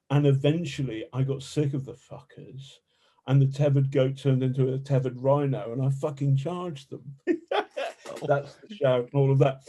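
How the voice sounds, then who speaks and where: A man, an investigative journalist, telling stories in a colorful, animated way as a podcast guest and swearing freely. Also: medium pitch. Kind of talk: casual storytelling interview.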